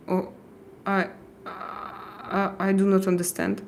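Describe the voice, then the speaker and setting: Woman, livestream host, unhurried and halting, mid-pitched, fillers everywhere. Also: steady tone, vocal fry, darkish tone, slight background noise. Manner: hesitant, halting, many fillers and restarts. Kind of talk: casual live chat.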